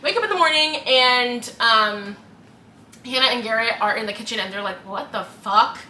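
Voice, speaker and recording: A woman's voice: on the high side, moderate pace, pushed and bright. A young woman co-hosting a casual book podcast, retelling scenes with lots of laughter and putting on the characters' voices. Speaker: podcast co-host. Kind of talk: casual book-club chat. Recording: echoey room, mic at a distance, faint noise.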